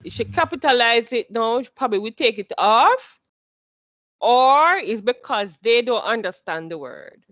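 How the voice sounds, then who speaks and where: A woman teaching a computer class in a patient, step-by-step way, repeating each instruction and quizzing her students. Her voice is a little high, and the recording sounds dull and dry. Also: lively intonation, measured pace, a bit bright, no echo.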